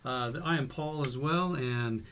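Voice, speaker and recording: A man's voice: medium pitch, a little slow, fairly bright tone. A man hosts a casual interview in a music store studio with an easy, upbeat enthusiasm. He talks in a mid-range voice and leans on fillers. A faint room noise sits behind him.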